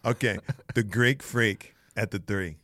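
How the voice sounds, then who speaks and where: A man co-hosting a casual sports podcast, relaxed and joking, often laughing as he talks. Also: on the low side, measured pace, dry recording, studio quality. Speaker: podcast co-host.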